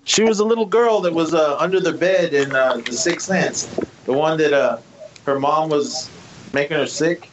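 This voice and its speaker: A man's voice: on the high side, normal speed, muffled recording, background noise. A man co-hosting a podcast, chatting, asking questions and laughing lightly. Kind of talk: casual chat.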